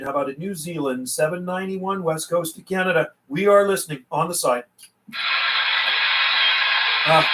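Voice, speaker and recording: A man running a CB radio livestream, calling out call signs in a steady rhythm between casual chat. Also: fairly high pitch. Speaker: CB radio operator and livestream host. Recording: radio static and hiss in the background.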